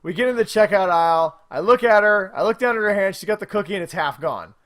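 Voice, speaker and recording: A man in his thirties co-hosting a casual podcast, telling animated stories and laughing often. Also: high-pitched, fast. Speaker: podcast co-host. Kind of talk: casual chat.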